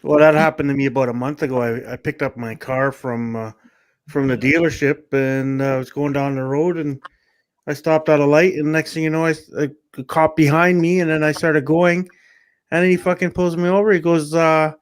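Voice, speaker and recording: A man's voice: on the high side, a little fast. A man from Canada hosting a casual chat, telling brash, heavily sworn stories about police stops. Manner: brash, heavy swearing. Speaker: host. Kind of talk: casual storytelling.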